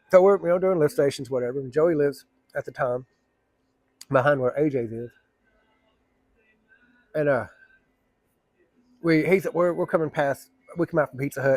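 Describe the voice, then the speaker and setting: A man casually telling a long story, rambling and colloquial, with rough language. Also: mid-range voice, darkish tone, no echo.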